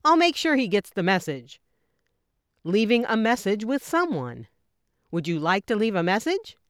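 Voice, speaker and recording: A woman reading example phone phrases for an English lesson, with clear, measured delivery. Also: medium pitch, big pitch swings, no room sound, studio quality. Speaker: English teacher.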